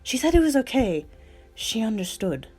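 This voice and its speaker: A gentle male demon speaks tenderly and softly, at times dropping to a whisper, as a woman reads his lines. The voice stays higher than the reader's own, as in a homemade storybook reading. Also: big pitch swings, normal speed, slightly rough, soft background music. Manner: soft, tender, sometimes whispered. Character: gentle male demon lover saying goodbye.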